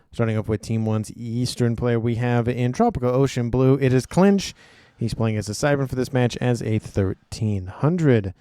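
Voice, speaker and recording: A man's voice: medium pitch, warm tone, smooth, no room sound, studio quality. A man casting a strategy game match, upbeat and chatty, talking through the map as he goes. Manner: upbeat, chatty, thinks aloud with fillers. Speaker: game caster. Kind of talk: game commentary.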